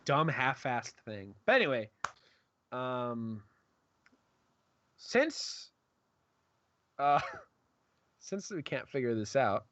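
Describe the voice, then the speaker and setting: A blunt, rambling man co-hosting a gaming podcast, his pitch jumping around with lots of life. The sound is dry and dull, like lo-fi online call audio. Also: very animated, very slow, pauses often, a bit bright, no room sound. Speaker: podcast co-host. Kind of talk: casual chat. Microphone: online call microphone.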